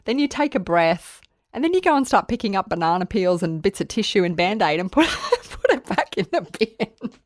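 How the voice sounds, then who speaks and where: A woman's voice: mid-range voice, sing-song, normal speed, dry recording, clean studio sound. A woman hosting an interview, asking questions and laughing along with her guest. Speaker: podcast host.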